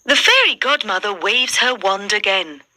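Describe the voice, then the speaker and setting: A woman reading a children's story aloud slowly and clearly, with a lot of expression, for learners. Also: mid-range voice, animated, sharp tone, dry recording.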